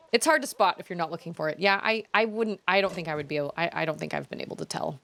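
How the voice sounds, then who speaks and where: A woman playing through a video game and chatting casually to viewers. She is self-deprecating and often trails off mid-thought. Her voice sits a little low for a woman. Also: fast, fairly bright tone. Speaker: game streamer. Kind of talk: casual let's-play commentary.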